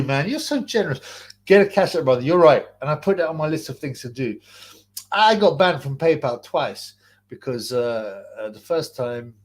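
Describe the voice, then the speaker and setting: Young man, casual streamer host, slangy rambler, middle-pitched voice. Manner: rambling and slangy, laughs often, trails off into mumbles. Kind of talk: casual live-stream chat reading donations and questions.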